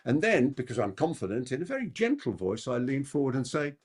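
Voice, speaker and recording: A man giving a live masterclass on persuasion as a trainer. He talks quickly and keeps asking the audience rhetorical questions. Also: slightly rough. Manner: animated, with big pitch swings.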